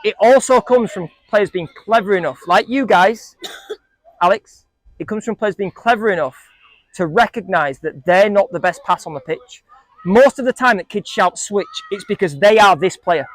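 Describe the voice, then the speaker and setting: A man's voice: high voice, moderate pace. A man coaching a group of young football players, asking them questions and joking with them. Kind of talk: coaching talk to a group of kids.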